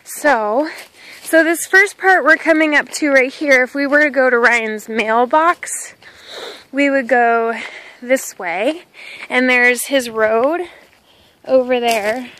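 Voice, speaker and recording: Vlogger: high-pitched Midwestern woman, rambling and chatty, recorded outdoors on a phone. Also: slow pace, fairly bright tone, low-quality recording. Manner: chatty and rambling, talks to her dog. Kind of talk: casual walking vlog. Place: outdoors on a country path. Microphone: handheld phone camera.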